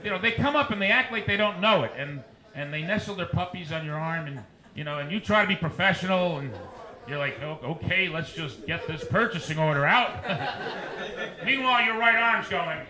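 A high-voiced man runs a stand-up set with quick crowd work, his pitch leaping around as he riffs. The room is echoey, and a loud, rowdy bar crowd fills the background. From New Jersey. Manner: animated crowd work, rapid asides to hecklers. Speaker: stand-up comedian. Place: noisy dive bar stage.

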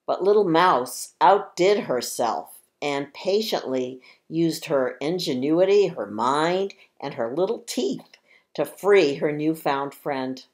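A woman telling a fable to children at church, then gently explaining its lesson with questions to the kids. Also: sits low, rough recording. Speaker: children's message leader at a church. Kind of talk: storytelling to children, then a short Bible lesson.

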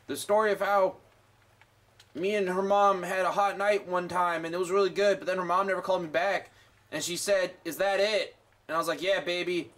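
A young man with a high, slightly bright voice does let's play commentary on his gameplay, swearing constantly and ranting sarcastically in a rambling way.

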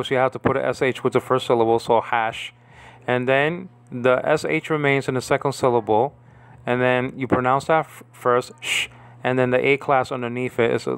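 A man walks through Hebrew letters in an informal lesson, restarting his sentences and asking "okay?" over and over. His voice is smooth and clear at a middling pitch. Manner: halting, repeats words, checks in with "okay?". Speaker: Bible language teacher.

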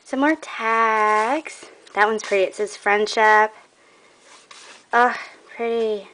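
A woman's voice: fairly high pitch, steady tone, takes it slowly, a bit bright, slight background noise. Breathless young woman gushing over crafts. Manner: gushing, admiring, breathy little exclamations. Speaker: crafter showing a trade package. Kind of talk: casual unboxing vlog.

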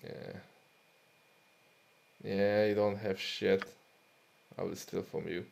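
A man's voice: lowish voice, level tone, takes it slowly, gravelly, noisy background. A man casually commenting while playing a game, muttering to himself and swearing often. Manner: muttering, swearing, self-amused. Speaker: let's play host.

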